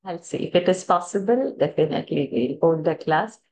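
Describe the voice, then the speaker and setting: A woman's voice: lowish voice, expressive, a little fast, darkish tone, slight background noise. A woman teaching a scripture chanting class over a video call, chatting casually, laughing often and trailing off mid-sentence. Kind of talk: casual online class chat.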